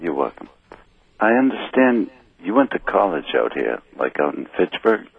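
A slightly drunk man calling in to a radio show, telling a long story in a rambling, halting way over a phone line. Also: low voice, very animated, creaky, slightly rough. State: a little drunk. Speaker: caller. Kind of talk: call-in radio chat.

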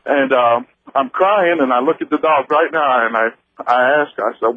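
A man from Missouri calling in to a radio show, telling a personal story in a halting way, with many fillers and restarts. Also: medium pitch, no room sound. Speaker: radio caller. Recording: tinny phone line.

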